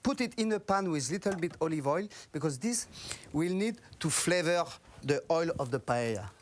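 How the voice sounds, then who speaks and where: A man with a French accent, a chef, explaining a dish in halting English and pausing to find his words. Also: a little high, lively intonation, slight background noise. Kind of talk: cooking demonstration chat.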